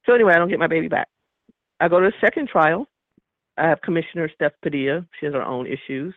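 A man's voice: on the high side, quick pace, dry recording. Indignant man on a phone line. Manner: indignant, emphatic, acts out quoted dialogue. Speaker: caller. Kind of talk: telling a personal story on call-in radio. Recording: tinny phone line, dry.

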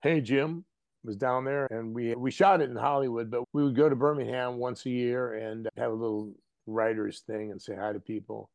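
Gravelly-voiced man telling stories. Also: medium pitch, normal speed, dry recording. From American Midwest. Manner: animated, anecdotal, drops into acted voices. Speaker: actor and guest. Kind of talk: casual interview storytelling.

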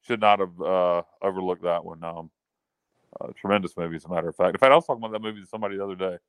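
A man's voice: deep voice, rapid-fire, clear, resonant tone, dry recording. A man co-hosting a casual sports chat show, joking and self-mocking. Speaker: podcast co-host.

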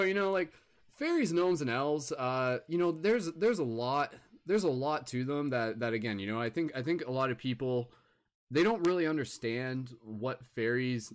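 A young man doing improvised stand-up at an open mic, rambling with lots of filler words and restarts. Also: medium pitch. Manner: heckles himself in a mock crowd voice.

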